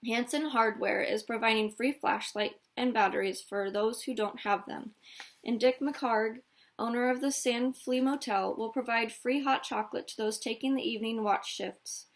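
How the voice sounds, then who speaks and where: A woman teacher reads a children's chapter book aloud to her class. Her voice sits a little high, and she narrates steadily and clearly. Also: fairly even intonation, normal speed. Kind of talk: reading a children's novel aloud.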